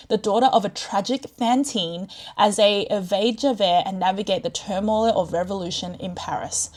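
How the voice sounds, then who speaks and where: A woman's voice: mid-range voice, a little mellow. A young woman vlogging in a chatty, rambling way, gushing and laughing often, on a close mic. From Australia. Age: young adult. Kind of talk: chatty vlog talk.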